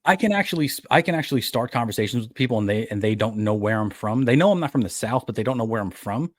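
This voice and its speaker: A man's voice: mid-range voice, expressive, quick pace, no echo, studio quality. A man with a New York accent on a podcast, talking casually and rambling, often restarting his sentences. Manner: rambling, self-correcting storyteller. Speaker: podcast co-host. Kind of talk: casual chat.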